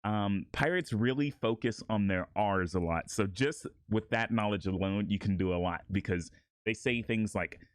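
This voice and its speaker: A man's voice: on the low side, moderate pace, no room sound. A man talking casually through a voice acting tutorial, rambling a little with restarts. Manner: laid-back, rambling with many restarts and laughs.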